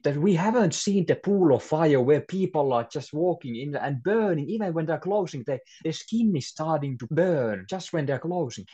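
A man's voice: on the high side, mellow, breathy edge. A man, preaching earnestly and urgently at a bible study as an English speaker.

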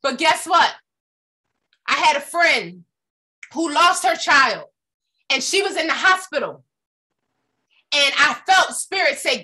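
Bright, high-voiced woman giving a motivational talk. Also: lively intonation, slow pace, long pauses. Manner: emphatic, asks the audience questions, tells personal stories. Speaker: motivational speaker.

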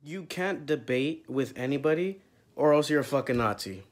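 Young male vlogger, heated profane rant, slightly high voice. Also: animated, normal speed. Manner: loud, profane, heated ranting. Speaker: vlog host.

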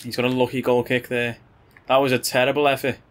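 A man's voice: mid-range voice, level tone, quick pace. A young man, commentating his own football video game match with constant swearing and frustrated ranting. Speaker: gaming YouTuber. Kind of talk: live gameplay commentary.

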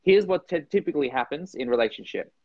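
On a podcast, a Norwegian man chats casually in a loose, animated way, his voice on the high side and his pace fast. When acting things out, he leaps into playful voices. The sound is dry, close, slightly dull and lo-fi, with no echo.

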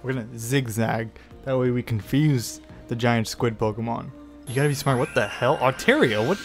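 A man giving excitable let's play commentary, swearing often and taunting the creatures on screen. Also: medium pitch, moderate pace, faint music behind. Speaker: gaming YouTuber.

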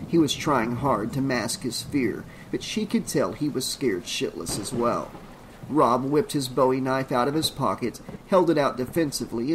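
A man reading a horror novel aloud as an audiobook narrator, in a measured, suspenseful delivery. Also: medium pitch, slight background noise, low-quality recording.

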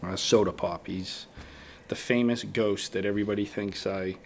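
Gravelly low-voiced man telling a hunting story. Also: fairly even intonation, normal speed, slight background noise. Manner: rambling, acts out his own past thoughts. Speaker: guest bowhunter. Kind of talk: casual storytelling in a podcast interview.

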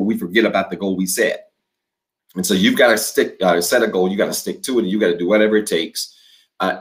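A man preaching as a pastor, upbeat and direct, reading declarations slowly so listeners can repeat after him. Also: on the low side, fairly bright tone. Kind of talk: sermon with responsive reading.

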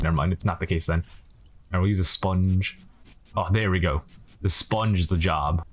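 Low-pitched and fairly even, a young man's voice moves at normal speed over slight background noise. He's doing jokey let's-play commentary as a gaming commentator, addressing the characters in the game.

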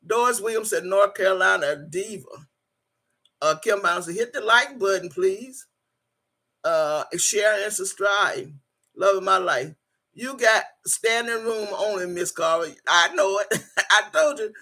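Woman on a livestream reading comments, laughing lots, husky voice, keeps telling folks to hit like. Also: mid-range voice, lively intonation, measured pace, bright, forceful tone. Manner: chatty, laughs often, addresses viewers as y'all; urges viewers to like and subscribe. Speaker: channel host.

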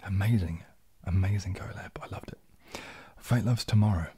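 Low husky soft-spoken man. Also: normal speed. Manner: relaxed, rambling, drops into whispers, reads chat aloud. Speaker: ASMR livestream host. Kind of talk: casual soft-spoken livestream chat.

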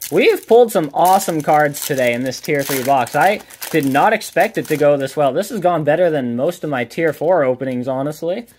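A card collector hosting his channel opens packs, chatting casually and upbeat as he calls out every card he pulls. His fairly high, darkish voice is animated, a little fast, with few pauses, and there's a slight hiss or hum.

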